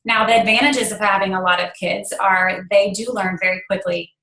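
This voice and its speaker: A woman's voice: medium pitch, fairly even intonation, moderate pace, vocal fry, bright, forceful tone, echoey room, poor audio. A woman in her thirties, a guest speaker on a team call, telling a personal story in an earnest way with many fillers. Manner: earnest, emotional at times, filler-heavy.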